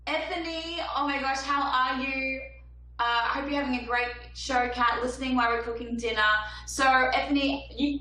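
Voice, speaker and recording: Bright, bubbly woman in an echoey room. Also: fairly high pitch, far from the mic. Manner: bubbly, chatty, reads viewer comments aloud. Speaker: singer-songwriter hosting a livestream. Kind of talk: casual livestream chat. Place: small apartment at home. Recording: roomy, off-mic home stream with faint hum.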